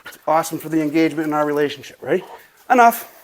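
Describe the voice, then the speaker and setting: A man's voice: fairly high pitch, flat delivery, racing. Out of breath dog trainer guy, casual and a bit sweary, keeps saying right?. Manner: loose, profane, says "right?" a lot. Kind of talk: casual instructional talk. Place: home garage.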